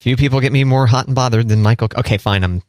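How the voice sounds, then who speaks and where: A man co-hosting a podcast in casual chat, teasing with deadpan jokes. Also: medium pitch, fast talker, no room sound, clean studio sound. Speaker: podcast co-host.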